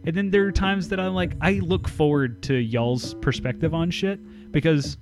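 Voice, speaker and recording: A man's voice: a little high, normal speed, music in the background. A man hosting a casual podcast, blunt, emphatic and full of swearing. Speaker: podcast host. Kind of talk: casual profane podcast chat.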